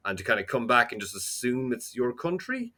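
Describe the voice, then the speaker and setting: Rambling, bright-voiced Irish man. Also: mid-range voice, wildly swooping pitch, a little fast. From Ireland. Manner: long-winded and rambling, swears freely. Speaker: podcast co-host. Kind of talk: casual chat. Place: at home.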